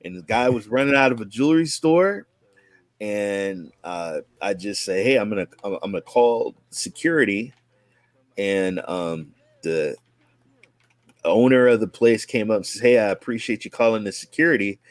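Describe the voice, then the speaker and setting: Man, forties, from Oakland, casual interview guest, rambling with restarts, low voice, dry recording. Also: animated, unhurried, dry recording. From Oakland, California. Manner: rambling, with many restarts and acted-out quotes. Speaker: guest, content creator.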